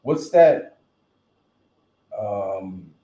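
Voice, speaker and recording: Mellow-voiced New man, rambling. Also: lowish voice, expressive, drawn-out words. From New Jersey. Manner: rambling, joking storyteller. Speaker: live stream host. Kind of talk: casual live stream chat. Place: home room, in bed. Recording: roomy echo.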